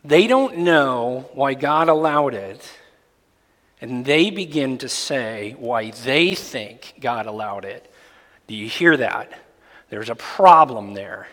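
A man preaching a sermon as a pastor, animated and jokey, sometimes mimicking babble. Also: medium pitch, takes it slowly. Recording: long reverb of a hall.

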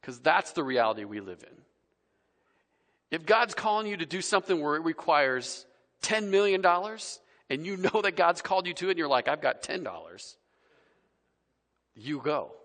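A man preaching a casual, conversational sermon, swinging between loud emphasis and quiet, soft passages. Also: on the high side, sing-song, moderate pace. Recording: long reverb of a large hall.

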